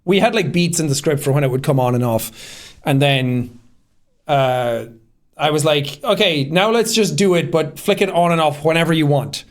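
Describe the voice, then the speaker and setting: A man's voice: on the high side, animated, normal speed. A man casually explaining how he made his short film, rambling with lots of fillers and frequent laughter. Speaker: creator commenting on his own short film. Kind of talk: casual behind-the-scenes commentary.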